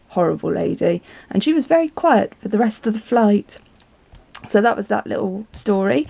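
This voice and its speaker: Chatty woman with gravelly voice. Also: medium pitch, dark tone. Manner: chatty and rambling, many ums. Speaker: vlogger. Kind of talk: casual storytelling vlog.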